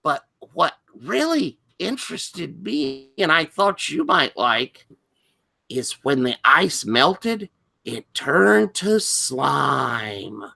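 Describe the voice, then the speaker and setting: A game master voicing an excitable older male librarian who is fascinated by the occult. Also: medium pitch, extremely slow, gravelly, pitched above the performer's own voice, exaggerated voice. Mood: intrigued. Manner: fluttery, breathless with fascination.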